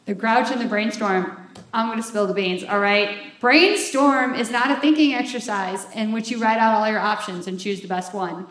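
Woman, plain mid pitch, candid speaker, echoey room. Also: normal speed, a bit bright. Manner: frank, self-mocking, emphatic with frequent "right?". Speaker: recovery program speaker. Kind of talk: candid talk on recovery. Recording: roomy echo, faint ambience.

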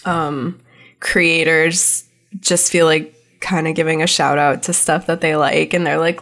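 Young woman co-host, slightly low voice, loose chatty delivery full of fillers. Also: level tone, unhurried, fairly bright tone. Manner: chatty, many fillers, laughs often. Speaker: podcast co-host. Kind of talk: casual chat.

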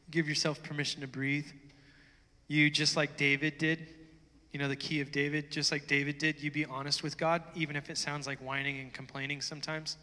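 A male preacher with a bright, ringing voice pitched a little high, delivering a casual, conversational sermon. His words hang in the long reverb of a big hall. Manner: conversational preaching that swells to loud fervent passages. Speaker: pastor.

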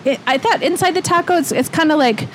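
A woman's voice: high-pitched, quick pace, a little hiss or hum. A woman guest chatting casually and correcting herself as she goes, on a moving streetcar. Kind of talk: casual chat. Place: riding a city streetcar.

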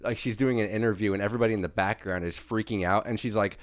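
A man's voice: lowish voice, fairly even intonation, fast. A man co-hosting a casual podcast chat, laid-back and a little hesitant with uh fillers.

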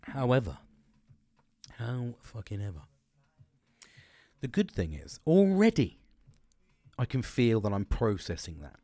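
A man's voice: mid-range voice, sing-song, a little slow, long pauses, warm tone, no room sound, faint music behind. Middle-aged man, sweary and blunt, rambling candid talk; dry recording. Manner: sweary, blunt, restarts often.

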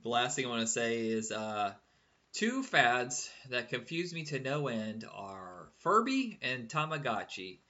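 A man in his thirties hosting a casual podcast, chatty and animated, given to swearing as he tells stories. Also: medium pitch, unhurried. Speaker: podcast host. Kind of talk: casual chat. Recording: dull lo-fi podcast audio.

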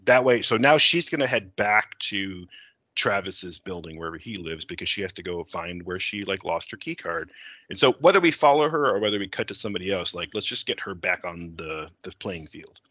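A man brainstorming a horror story in casual chat, animated, laughing and swearing often. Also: deep voice, fairly quick, no echo. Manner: animated, laughing, heavy cursing. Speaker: horror filmmaker. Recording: dull lo-fi sound.

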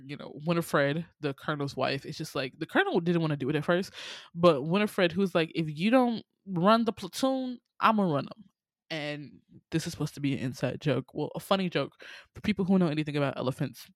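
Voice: mid-range voice, moderate pace, no room sound. Brief: chatty host recapping a cartoon plot, slangy, filler-heavy, dry close sound. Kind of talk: casual plot retelling.

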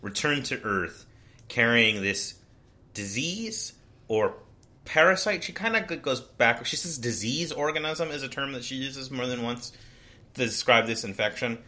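Animated and forceful, this co-host has a bright, mid-range voice and keeps a measured pace. He recaps a book's plot on a casual discussion podcast, wandering and frequently starting over.

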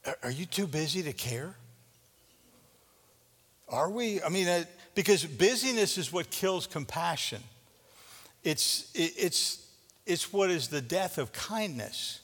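A man preaching a conversational sermon as pastor, often repeating words and swinging between loud and soft. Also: a little high, lively intonation, slow, pauses often, big-room sound.

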